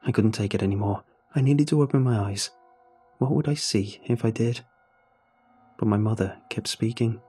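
A man narrating a horror story in a measured, suspenseful way. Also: fairly low pitch, mellow, breathy edge, faint music behind.

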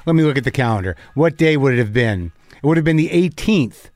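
A male podcast host and comedian delivers a loose, rambling monologue, swearing freely and joking at his own expense. His mid-range voice has lively intonation and a slightly mellow tone but sounds stuffy, scratchy and a little tired, and he talks fairly quickly. The recording is dry.

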